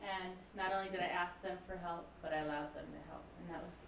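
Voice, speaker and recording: A woman's voice: fairly low pitch, steady tone, quick pace, gravelly, background noise. A woman in her forties, a music professor, giving a candid, personal public lecture. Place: lecture hall. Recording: roomy hall, mic from a distance.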